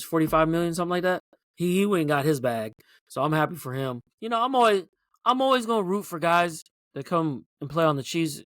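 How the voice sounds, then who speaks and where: Animated male sports podcast host. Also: fairly high pitch, no echo, clean studio sound. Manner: animated, profane, fan-like rants. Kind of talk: casual sports talk.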